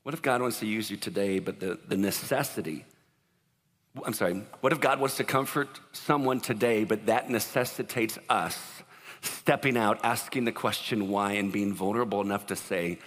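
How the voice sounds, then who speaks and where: A man preaching a sermon as pastor, in an animated, conversational way, acting out what people say. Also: lowish voice, moderate pace, in a large hall.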